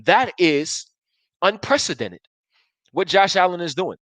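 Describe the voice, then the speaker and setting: Emphatic sports talk host, dry sound. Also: male voice, sits high, lively intonation, unhurried, fairly bright tone, no echo, rough recording. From Buffalo area, US. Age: 30s. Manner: emphatic, repetitive, restarts sentences. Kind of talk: live sports talk show, reading viewer comments.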